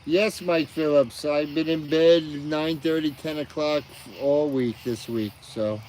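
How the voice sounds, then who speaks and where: A man's voice: on the high side, steady tone, slow, darkish tone, a little hiss or hum, low-quality recording. A middle-aged man hosting a casual live stream outdoors at night, sleepy and yawning as he chats with viewers, crickets behind him.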